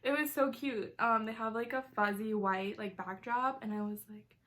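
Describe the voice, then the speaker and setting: A woman in her twenties eats and chats through a casual mukbang vlog, speaking close to the camera mic. Her fairly bright voice sits a touch high at a normal speed, and she rambles freely with lots of "like" and giggly asides.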